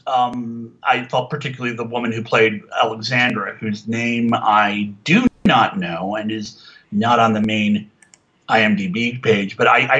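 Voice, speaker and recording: A man casually reviewing an old TV show, rambling with many fillers and restarts, getting animated when he complains. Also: mid-range voice, dull audio. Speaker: podcast reviewer.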